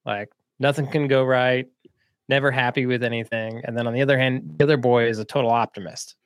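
A man's voice: medium pitch, steady tone, no room sound. Man, podcast co-host, casual storytelling, laid-back, dry close sound. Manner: laid-back, laughs often, quick bursts with lots of fillers.

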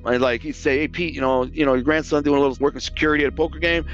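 A man's voice: a little high, fairly even intonation, racing, highs cut off, soft background music. Blunt, profane man telling a story. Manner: blunt and profane, acting out quoted dialogue. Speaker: interviewee telling his past. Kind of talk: casual spoken storytelling.

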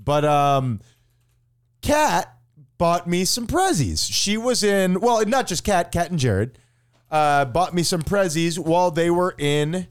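A man co-hosts a comedy podcast, teasing and mock-grandiose in his banter. His voice sits a touch high and swoops around animatedly in pitch. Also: takes it slowly, clean tone. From Florida, USA. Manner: playful, mock-grandiose, lively pitch swings. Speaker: podcast co-host. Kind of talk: casual comedic chat.

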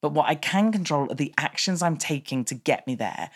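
A woman in her thirties with a British accent, a business coach telling a candid personal story in an animated monologue. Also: sits low, a little fast, breathy edge. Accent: British English.

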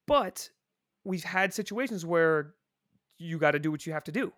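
A man's voice: on the high side, lively intonation, moderate pace, a bit bright, no echo, clean studio sound. A man talking about his work as a prison supervisor in casual chat, earnest and rambling, with lots of swearing. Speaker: podcast guest, prison supervisor.

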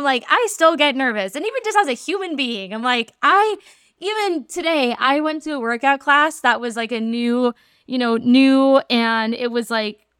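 A woman's voice: a little high, fairly bright tone, clean tone, no echo, studio quality. Earnest young woman musing on a podcast. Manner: earnest, rambling, with many "like" fillers and self-corrections. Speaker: podcast host, psychic medium and entrepreneur. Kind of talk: casual spiritual podcast monologue.

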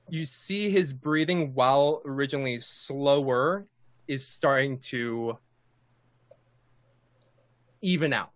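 A man narrating as game master, slow and measured, with frequent hums and ums. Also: mid-range voice, no echo.

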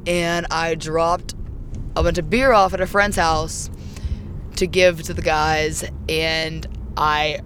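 Animated young woman telling wild stories. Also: low voice, slow pace, a little hiss or hum. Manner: animated, profane, shouts when reenacting her own outbursts. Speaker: guest. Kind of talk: casual storytelling.

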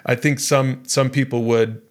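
A man's voice: mid-range voice, steady tone, measured pace. A man co-hosting a Bible study podcast, talking earnestly and conversationally with frequent restarts. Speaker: podcast co-host. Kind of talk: casual Bible study discussion.

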